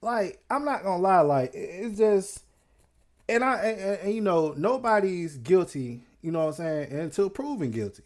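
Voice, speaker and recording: Excitable, slangy co-host reacting. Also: medium pitch, moderate pace. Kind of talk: casual reaction commentary.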